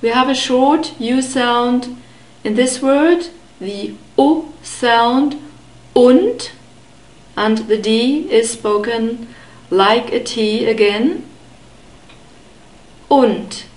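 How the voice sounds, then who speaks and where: Slow, patient woman teaching pronunciation. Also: fairly high pitch, roomy sound, poor audio. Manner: patient, repeats words slowly and clearly. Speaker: German language teacher. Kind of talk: slow, careful pronunciation lesson.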